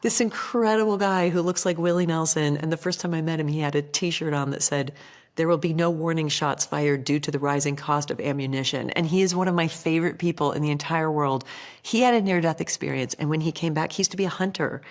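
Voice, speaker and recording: A woman with a low voice is a guest on a casual podcast. She tells stories with animation and acts out the voices she quotes. Her talk is full of "like". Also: brisk. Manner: animated storyteller who acts out quoted voices, heavy use of "like".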